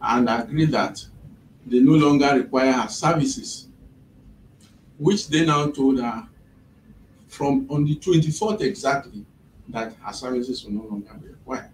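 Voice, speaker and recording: A man's voice: mid-range voice, a little slow, long pauses, slight background noise. A man, retelling events step by step as an employer's representative in a mediation session. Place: office. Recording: echoey room from a distant mic.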